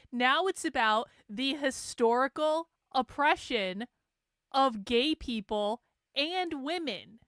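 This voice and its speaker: A woman host talking over archival footage with an incredulous edge. Her voice is bright and crisp, on the higher side, recorded close and dry with no room sound. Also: expressive, slow, no echo. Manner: incredulous, reacting with exclamations. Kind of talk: commentary over archival clips.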